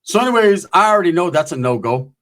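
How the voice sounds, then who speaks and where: A man's voice: sits high, very animated, quick pace, a bit bright. A man telling a crude personal anecdote in a casual, rambling way, full of slang and profanity, with the other people's voices acted out in the quotes. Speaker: storyteller.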